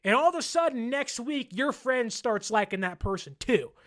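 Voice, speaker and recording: A man's voice: very high-pitched, lively intonation, normal speed, fairly bright tone. A man hosting a sports podcast, talking casually and laughing often, sometimes mimicking fans in exaggerated voices. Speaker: podcast host.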